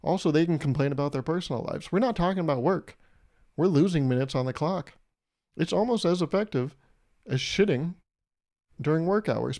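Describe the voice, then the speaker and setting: A man's voice: medium pitch, a little mellow. A young man hosting his own podcast, riffing through a crude, rambling comedic monologue with a self-amused edge. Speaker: podcast host.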